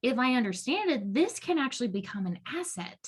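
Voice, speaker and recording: A woman's voice: on the high side, big pitch swings, fairly quick, husky. A woman hosting a podcast, chatting casually and reflectively, with an enthusiastic tone and many "um" fillers. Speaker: podcast host.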